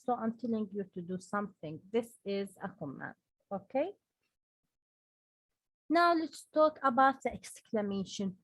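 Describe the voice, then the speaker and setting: A woman teaching an English grammar lesson, speaking slowly and deliberately and repeating example sentences with exaggerated emphasis. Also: on the high side, animated, husky, no echo, dull audio.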